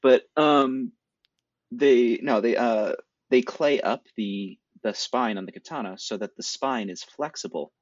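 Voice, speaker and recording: Talking a little slowly in a mid-range voice, the podcast co-host gives a long, detailed, well-informed explanation about swords for his casual film show. There's no echo, and the sound is dull, dry lo-fi.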